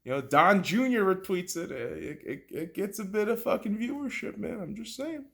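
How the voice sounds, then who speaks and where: A man hosting a podcast, delivering a heated, profane, mocking political rant that swings from loud outbursts to low muttering. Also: expressive, moderate pace, gravelly. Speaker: podcast host.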